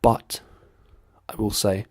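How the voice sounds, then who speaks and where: A man's voice: slow pace, a little mellow, no echo. A man from London with a London accent, chatting casually as he explains accents and drifts between registers. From London, England. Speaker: accent video host.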